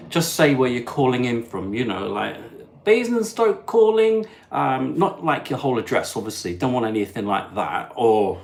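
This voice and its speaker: A young English man, chatty and upbeat, hosting a casual live-stream chat as a travel vlogger and lifting his voice to greet viewers. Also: mid-range voice. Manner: chatty and upbeat, reading out viewers' places with bright lifts.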